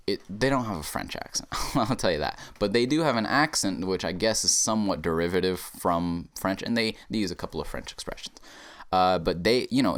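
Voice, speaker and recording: Low-pitched young man, lively swooping delivery, profane comedic rant, podcast host. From Texas. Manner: profane, animated ranting with sudden pitch jumps.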